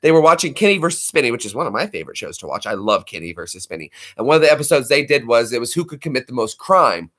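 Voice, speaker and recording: A man hosting a casual video chat, rambling through excited stories and adding his own sound effects. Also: mid-range voice, rapid-fire, hardly any pauses. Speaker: channel host.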